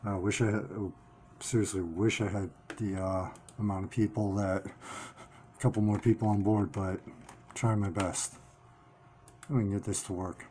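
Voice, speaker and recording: Man, fairly low voice, warm and mellow; an earnest solo vlogger thinking aloud, restarting phrases and hammering single words. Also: steady tone, measured pace, long pauses, slight background noise. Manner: earnest, repeats key words for emphasis. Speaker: vlogger running a one-person channel. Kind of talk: unscripted commentary monologue.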